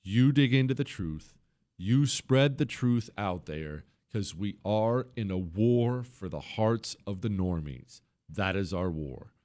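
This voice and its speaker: A man's voice: on the low side, lively intonation, takes it slowly, darkish tone, dry recording. A man hosting a talk radio show, delivering an opinionated monologue in an emphatic, sarcastic, often mocking way.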